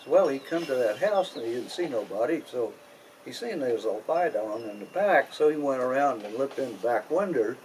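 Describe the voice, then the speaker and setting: A man's voice: mid-range voice, lively intonation, a little mellow, a little hiss or hum, rough recording. Folksy Kentucky storyteller man. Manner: folksy drawl, rural grammar, unhurried pauses. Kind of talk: oral folk storytelling.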